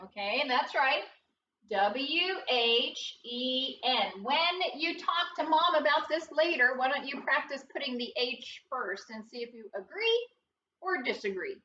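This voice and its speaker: A woman teaching a phonics lesson to young children, spelling words slowly and prompting them with encouragement. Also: high voice, animated, pushed and bright, a little hiss or hum. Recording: dull, roomy sound from a distance.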